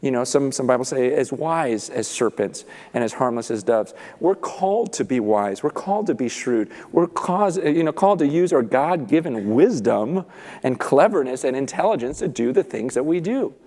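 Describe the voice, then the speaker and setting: A man preaching a sermon, telling a story with animated delivery and acting out the characters' lines. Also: mid-range voice, normal speed. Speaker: pastor. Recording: long reverb of a large hall.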